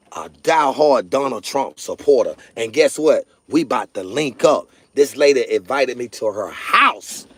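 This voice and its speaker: A high-pitched man rants at his viewers in a repetitive, emphatic, preaching cadence. He talks into a phone camera while sitting in and stepping out of his car. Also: husky, dry recording. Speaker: political vlogger. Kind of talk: preachy political rant to viewers. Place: in a car, then stepping outside.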